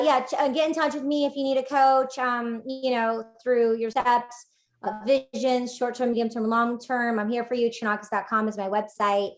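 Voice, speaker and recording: A woman guest on a podcast, a life coach, chatting casually in an upbeat, rambling way. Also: on the high side. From United States. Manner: rambling, upbeat, many fillers. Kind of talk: casual interview chat.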